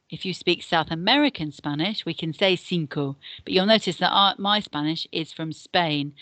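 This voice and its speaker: A woman with an English accent teaching a recorded beginner Spanish lesson, modelling each word slowly and carefully for pupils to repeat. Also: fairly low pitch, sharp tone, dry recording. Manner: slow, careful modelling of pronunciation.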